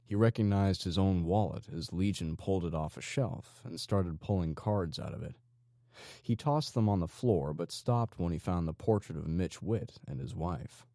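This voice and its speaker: A man narrating an audiobook in an expressive, storytelling way. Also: sits low, normal speed, no echo, clean studio sound. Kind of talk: scripted narration.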